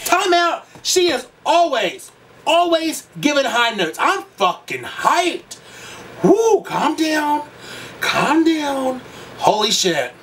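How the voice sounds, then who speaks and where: A man's voice: very high voice, big pitch swings, takes it slowly, recorded from a distance, faint music behind. Gushing, shrieky man reacting to a song. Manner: gushing, campy, profane, shrieking exclamations. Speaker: music reaction youtuber. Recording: loud song playing behind, voice a bit off-mic. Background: pop song playing.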